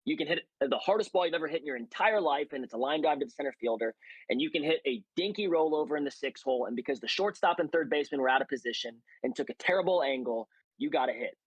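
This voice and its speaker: A man's voice: on the high side, lively intonation, fast, slightly rough, no room sound, low-quality recording. A man speaking as a guest hitting coach, emphatic and coach-like, with many restarts. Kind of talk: casual conversational interview.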